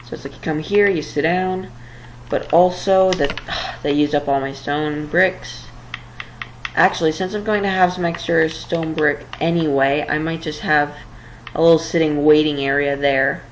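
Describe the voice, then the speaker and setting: Her voice sits low, with fairly even intonation and a measured pace, captured on a low-quality recording with slight background noise. She's a tired, late-night let's-play commentator chatting casually while building, rambling, somewhat flustered, and self-deprecating.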